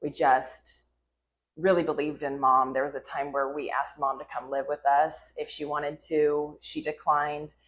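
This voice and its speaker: A woman with a notably low voice talks as a guest foster mother, measured and earnest. She weighs her words carefully, pausing with soft fillers as she explains how she handles loss. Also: level tone. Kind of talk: casual interview conversation.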